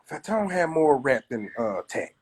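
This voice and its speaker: A man's voice: mid-range voice, very animated, slightly rough. A man from Kansas City, a comedian telling stories in casual chat on a live stream. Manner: storytelling, does quick voices of others.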